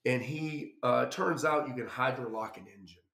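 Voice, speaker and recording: Telling a meandering story about a trip gone wrong, this man speaks in a mid-range voice with vocal fry at a moderate pace. He acts out people's quotes with animation, and the room echoes noticeably.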